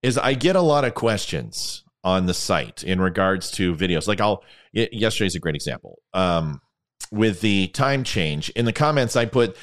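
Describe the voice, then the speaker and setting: Guy hosting his own show, lowish voice, rambling and sarcastic. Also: fairly bright tone. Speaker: podcast host. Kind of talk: casual monologue.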